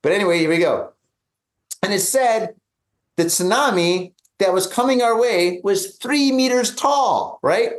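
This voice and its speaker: A man's voice: sits high, unhurried, reverberant. A man telling a dramatic story in casual chat, acting out what people said, with lots of restarts. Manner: animated, acts out quotes, many restarts.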